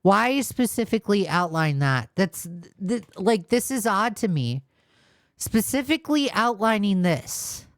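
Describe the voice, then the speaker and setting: Exasperated woman, slow rambling commentary. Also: mid-range voice, sing-song, no echo, clean studio sound. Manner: exasperated, rambling with many restarts. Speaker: commentary host. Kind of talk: casual reaction commentary.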